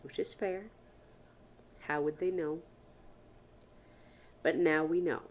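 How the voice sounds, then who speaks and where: Woman podcast host with a slightly low voice, earnest and blunt, working through big questions in a solo monologue. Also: steady tone, slow pace, slight background noise. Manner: earnest, questioning, speaks frankly with casual swearing.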